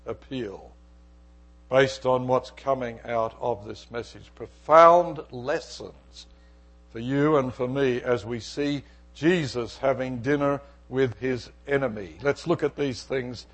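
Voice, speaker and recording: With a mid-range voice and an unhurried pace, a middle-aged pastor tells a personal story during his sermon, playing out its dialogue as he goes.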